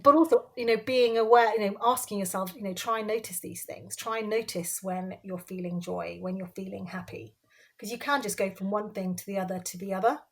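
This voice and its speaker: A woman answers questions as a podcast guest, her voice in a middle pitch. She speaks earnestly, circling back and repeating her phrases to stress a point. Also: fairly even intonation, a little fast. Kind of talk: casual conversational interview.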